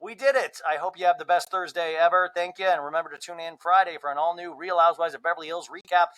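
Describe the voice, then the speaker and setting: A man hosting a podcast, giving a comedic reality TV recap in an animated, profane, gossipy way. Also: a little high, quick pace, rough recording. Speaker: podcast host.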